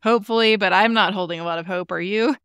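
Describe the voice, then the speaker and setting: A chatty woman co-hosting a podcast, amused and quick to laugh. Her voice is bright with a gravelly edge. The room is dry and the mic close. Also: medium pitch, dry recording. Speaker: podcast co-host. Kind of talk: casual chat.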